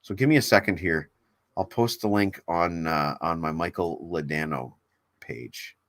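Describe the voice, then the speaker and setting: A man hosting a casual livestream, rambling with halting restarts and reading viewer comments aloud. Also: low-pitched, a bit bright, dry recording. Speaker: livestream host. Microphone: desk mic on a laptop stream.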